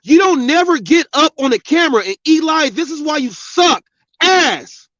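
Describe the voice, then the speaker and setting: Ranting as a podcast host, a middle-aged man unleashes an angry, preachy monologue full of profanity. His very high voice is animated and sharp in tone, at normal speed. The recording is dry, dull, and lo-fi.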